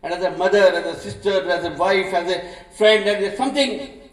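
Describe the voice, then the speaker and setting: A man's voice: high voice, brisk, fairly bright tone. A man with an Indian accent giving an impassioned political speech at a public meeting. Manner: impassioned, declamatory. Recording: echoey hall, mic from far off.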